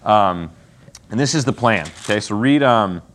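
A man with a fairly low voice teaches an easygoing Bible class at normal speed. He's lively and jokey, constantly putting questions to the group.

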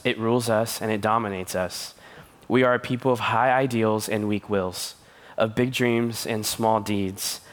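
A man preaching as a youth pastor, telling stories with playful voices and laughter. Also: medium pitch. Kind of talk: sermon.

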